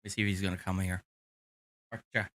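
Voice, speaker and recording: A man hosting a casual live stream, relaxed and joking, a few beers in. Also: low voice, very fast, no echo. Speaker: streamer host.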